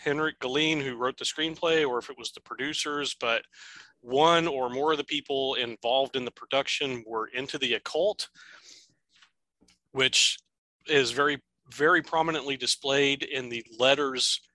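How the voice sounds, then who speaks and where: A man co-hosts a casual podcast about films, thinking aloud as he goes. His voice is bright and forward. The sound is dry and close, with almost no room. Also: medium pitch, moderate pace, no echo, rough recording. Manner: thoughtful, rambling, with fillers and restarts. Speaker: podcast co-host. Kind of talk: casual film discussion.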